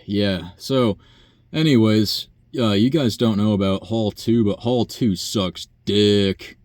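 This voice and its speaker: A man's voice: lowish voice, slow pace, creaky, darkish tone, no echo. A young man, a nursing home worker, telling a long profane story in a rambling, sighing way. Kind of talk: casual rant monologue.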